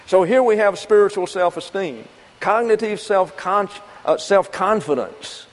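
A man's voice: sits high, measured pace. A man preaching a sermon in a folksy, conversational way, asking and answering his own questions. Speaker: pastor. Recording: long reverb of a church hall.

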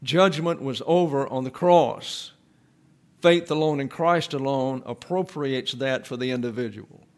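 Slow, deliberate male Bible teacher. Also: mid-range voice. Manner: slow, deliberate, repeats key phrases for emphasis. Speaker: preacher. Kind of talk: expository Bible teaching sermon.

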